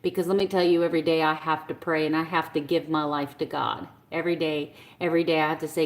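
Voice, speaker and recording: A woman's voice: low-pitched, steady tone, fast, few pauses. Passionate, blunt woman ranting on a live stream. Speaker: keto vlogger on a live stream. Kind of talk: casual live-stream rant. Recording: echoey room.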